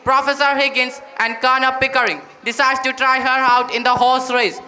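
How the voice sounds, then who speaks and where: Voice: high-pitched, level tone, a little fast, sharp tone. A student narrator announcing scenes and explaining the story between acts of a school play.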